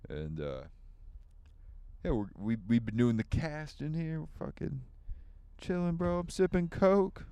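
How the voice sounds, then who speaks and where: A man's voice: fairly low pitch, warm tone, clear, resonant tone, no room sound. A young man co-hosting a podcast from a parked car, chatting loosely and crudely with lots of laughing. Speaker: podcast co-host. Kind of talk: casual chat. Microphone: handheld podcast mic.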